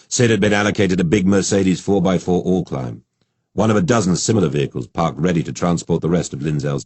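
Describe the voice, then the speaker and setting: A man narrating an audiobook at a measured, even pace. His voice is very deep with a husky grain. The recording is close and dry. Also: no echo. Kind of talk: scripted narration.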